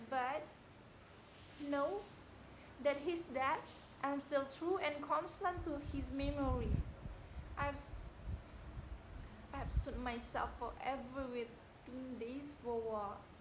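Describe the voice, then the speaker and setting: A proud, quick-tempered young widow, played by a young woman, delivers her lines in a high, bright voice. She declaims and swells into sharp, indignant outbursts. The room around her rings with echo. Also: slight background noise. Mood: bitter grief. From Indonesia. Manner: declamatory, rising to indignant shouting. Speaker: student actor. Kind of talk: amateur stage drama reading. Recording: echoey room.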